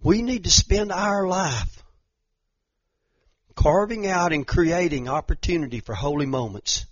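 Man, preaching, slightly raised pitch, muffled lo-fi sound, hushed storytelling then loud exhortation. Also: lively intonation, unhurried, no echo. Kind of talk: sermon.

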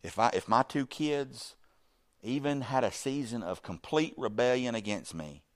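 A middle-aged man preaching a sermon, animated, shifting from loud bursts to quiet asides and acting out the voices in his story. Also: medium pitch, normal speed. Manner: acts out quoted speech in the story.

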